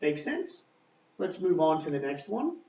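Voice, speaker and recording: Slow-talking male English teacher, echoey room. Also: fairly high pitch, big pitch swings, dark tone. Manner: slow, checking in with frequent "okay?". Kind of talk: grammar lesson at a board. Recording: echoey room, mic far off, dull lo-fi sound.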